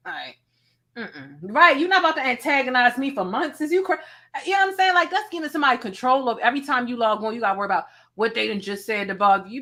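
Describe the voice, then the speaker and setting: A woman's voice: a little high, animated, fast talker, bright, forceful tone. A woman hosting a livestream, talking bluntly and feistily with plenty of cursing. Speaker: host. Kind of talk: casual livestream commentary.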